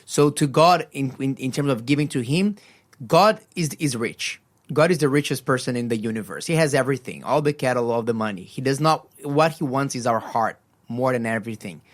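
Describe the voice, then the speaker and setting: A man's voice: mid-range voice, lively intonation, brisk. A man co-hosting a faith radio breakfast show, talking earnestly about giving, often repeating words as he goes. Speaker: radio co-host. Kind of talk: casual radio chat.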